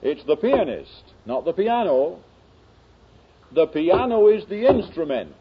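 A man preaching a sermon in slow, dramatic oratory that builds to emphatic peaks. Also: sits high, big pitch swings, dull audio, noisy background.

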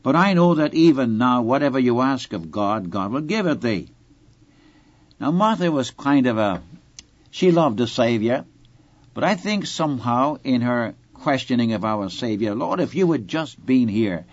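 A man's voice: mid-range voice, expressive, moderate pace, no echo. Earnest male Bible preacher, lo-fi recording. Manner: earnest, expository, addresses listener directly. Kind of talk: Bible-teaching sermon.

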